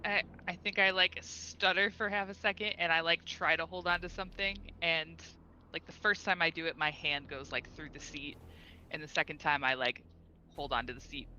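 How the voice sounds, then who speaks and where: Bright, rambling tabletop player. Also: medium pitch, fairly even intonation, lo-fi sound, a little hiss or hum. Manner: rambling, halting, full of fillers. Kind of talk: playing a tabletop game.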